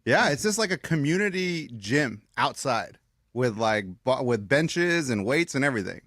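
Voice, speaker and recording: A man co-hosting a radio show, telling stories in an animated way, acting out the people in them. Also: medium pitch, normal speed, no room sound, studio quality. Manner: animated storyteller, acts out voices and laughs. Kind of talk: casual studio storytelling. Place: radio studio.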